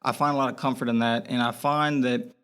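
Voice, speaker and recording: A man's voice: mid-range voice, fairly even intonation, fairly quick, a bit bright, clear, resonant tone. A young man as a podcast guest, talking earnestly and rambling in a candid interview, with lots of fillers and restarts.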